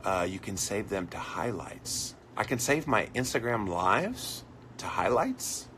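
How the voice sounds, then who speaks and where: A man's voice: fairly low pitch, big pitch swings, measured pace, pushed and bright, a little hiss or hum. A man hosting a live stream, chatting casually and reacting to viewer comments as he reads them. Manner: conversational, reads out comments and reacts with mock voices.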